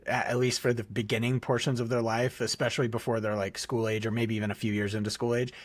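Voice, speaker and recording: A man in his thirties, a podcast co-host, calmly giving earnest, reflective advice in casual chat. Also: mid-range voice, quick pace. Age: 30s.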